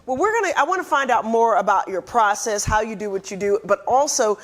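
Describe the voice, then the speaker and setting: A woman's voice: a little high, animated. A woman hosting a casual talk show, teasing her guest and chiming in often. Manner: playful, teasing, quick backchannels. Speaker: podcast host.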